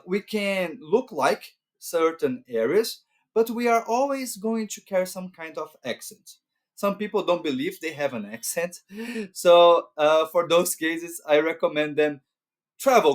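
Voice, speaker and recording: A man from Brazil, a native Portuguese speaker with a Brazilian Portuguese accent, giving casual advice as a language vlogger and often checking in with "right?". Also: sits high. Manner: unhurried, tags points with "right?".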